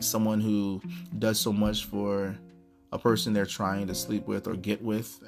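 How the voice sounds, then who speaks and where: Low-voiced man ranting bluntly over guitar. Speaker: podcast host. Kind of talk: casual podcast monologue. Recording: guitar music playing clearly behind.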